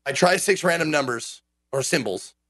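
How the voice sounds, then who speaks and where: A man's voice: a little high, moderate pace, dry recording. A man who streams games, ranting in a casual podcast chat and swearing often. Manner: animated ranting, frequent swearing. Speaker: game streamer.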